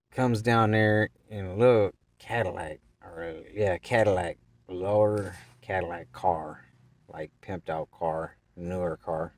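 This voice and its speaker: Young man, deep voice, casual vlog storytelling, slangy and profane, mic some distance away. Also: dry recording. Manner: rambling and profane, heavy slang. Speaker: vlogger.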